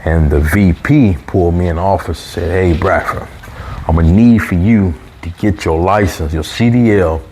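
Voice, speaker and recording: A man with a fairly low voice tells a personal story in a relaxed, conversational way. He gets animated and jumps up high when he quotes other people. A faint hum sits behind him. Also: moderate pace. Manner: animated, raises pitch when quoting coworkers. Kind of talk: casual storytelling.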